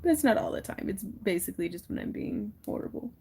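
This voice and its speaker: A woman's voice: mid-range voice, expressive, fairly quick, creaky, mellow, a little hiss or hum. A woman hosting a crafting livestream, chatting casually and laughing often while she wire wraps. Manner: giggly, chatty, acts out little voices in her stories.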